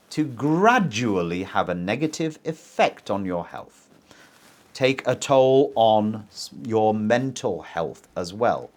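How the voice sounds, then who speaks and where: Slow, very animated male English teacher. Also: on the low side. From English-speaking country. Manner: very lively teacher intonation, slow deliberate pacing; models sentences for the learner to repeat. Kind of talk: IELTS pronunciation lesson.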